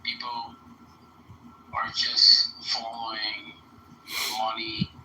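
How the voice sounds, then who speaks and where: A man's voice: fairly low pitch, completely flat delivery, drawn-out words, pushed and bright, slight background noise. A man with a German accent hosting a live chat room, rambling and teasing in casual talk. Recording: roomy, slightly muffled stream audio.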